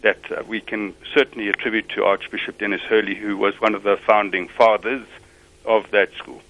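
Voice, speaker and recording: A man's voice: lowish voice, level tone, brisk, phone-quality sound. A male caller and former pupil sharing memories of his school on a radio show. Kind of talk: phone-in recollection.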